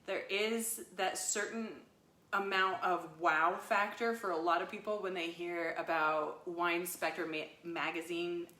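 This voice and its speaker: A woman's voice: on the low side, fairly even intonation, a little slow, pushed and bright. Cheerful woman talking wine, kinda far from the mic, echoey. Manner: upbeat and playful, explaining. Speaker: winery co-owner podcast host. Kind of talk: casual chat.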